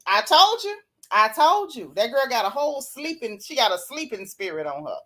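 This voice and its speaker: A woman hosting a casual live-stream recap, reading viewer comments and talking with sassy, animated flair, often yawning and laughing. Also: a little high, a little fast. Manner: sassy, animated, Southern Black vernacular gossip. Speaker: reality TV recap host reading live chat.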